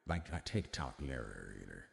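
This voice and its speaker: A man speaking through an AI voice changer that turns him into a deep male narrator voice, chatting casually and fumbling over his words. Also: very animated, a little slow, creaky, big-room sound, heavily acted. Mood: amused. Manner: self-mocking, amused, fumbling over words. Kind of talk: casual live-stream chat.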